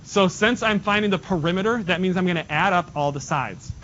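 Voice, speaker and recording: His voice high and a bit bright, a man teaches math a little fast, working problems through with his class step by step and joking as he goes. The classroom lesson is recorded in dull lo-fi with a faint hiss.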